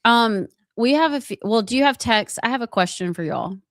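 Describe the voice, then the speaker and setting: A woman's voice: on the high side, lively intonation, brisk, no echo, studio quality. A middle-aged woman, co-hosting a radio show and chatting with an easy laugh. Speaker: radio co-host. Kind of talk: casual studio chat. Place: radio studio.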